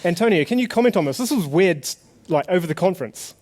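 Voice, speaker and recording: A man's voice: high voice, animated, quick pace, noisy background. A man co-hosting a live conference stage session, joking and bantering with the audience. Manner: jokey, playful, banters with audience. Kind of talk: comedic live stage presentation.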